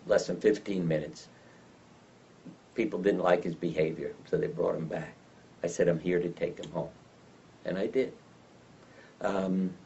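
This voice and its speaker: An older man telling lively anecdotes as an interview guest, acting out the voices of the people in his stories. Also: low-pitched, gravelly. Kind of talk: storytelling in an interview. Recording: dull lo-fi sound from some distance.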